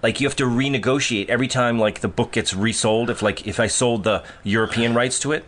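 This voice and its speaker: A man's voice: medium pitch, fairly even intonation, a little fast, a bit bright, a little hiss or hum. A middle-aged man, an author from the Boston area, telling his stories in a casual, rambling way and chuckling now and then. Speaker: author and guest. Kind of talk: casual storytelling.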